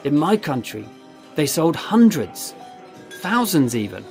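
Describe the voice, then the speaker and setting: A man's voice: on the high side, very animated, a little slow, creaky, darkish tone, faint music behind, voice pushed up, full character voice. A man voicing a formal, persuasive German man in a storytelling reading, with a German accent. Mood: confident.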